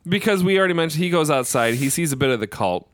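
A man's voice: a little high, lively intonation. Wry laughing male podcast co-host. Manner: wry, quick to laugh, sarcastic asides. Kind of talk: casual movie recap chat.

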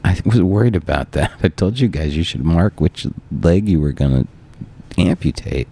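Very deep gravelly man joking around. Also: expressive, moderate pace, warm tone. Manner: playful, laughs often, goes along with bits. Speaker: podcast guest. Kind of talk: joking casual chat. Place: podcast studio.

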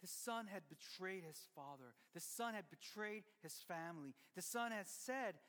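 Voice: medium pitch, lively intonation, normal speed, hardly any pauses, a bit bright. A pastor preaching a sermon in a conversational way, often restarting sentences and turning to the listeners with asides. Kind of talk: sermon storytelling. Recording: long reverb of a large hall.

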